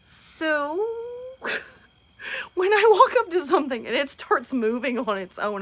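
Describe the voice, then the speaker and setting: A woman's voice: fairly high pitch, animated, normal speed, a bit bright. A woman in her thirties hosting a casual live stream from home, chatting and answering viewers' comments.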